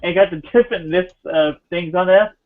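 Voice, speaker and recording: Higher-voiced man with offhand replies. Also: brisk. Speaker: player. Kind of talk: casual tabletop role-play. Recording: dull lo-fi mic.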